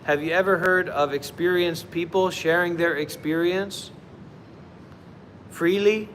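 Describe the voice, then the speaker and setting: A man's voice: high-pitched, fairly even intonation, a little slow, fairly bright tone, long reverb tail, a little hiss or hum, poor audio. A man who teaches meditation on a livestream and talks in a chatty, rambling way with lots of fillers. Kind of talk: casual livestream talk.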